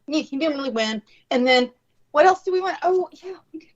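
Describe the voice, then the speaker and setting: A woman's voice: sits high, animated, fairly quick, no echo, lo-fi sound. A woman with a Southern US accent arguing bluntly and swearing freely, talking over the host. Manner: profane, blunt, talks over others. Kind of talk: heated argument.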